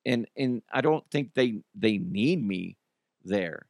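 A man's voice: fairly low pitch, animated, slow pace, a little mellow, dry recording, clean studio sound. A man hosting a podcast, giving casual, opinionated commentary with joking asides while trying not to lose his voice. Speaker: podcast host.

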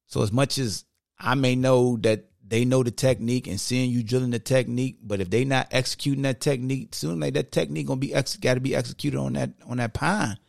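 A man hosts a sports podcast in an unscripted, casual monologue, drawling emphatic points with plenty of "like" and "y'all." His voice has a gravelly edge. He's recorded up close in a dead, dry room. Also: mid-range voice, fairly even intonation, brisk, darkish tone, no room sound. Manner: conversational, emphatic, heavy use of "like" and "y'all".

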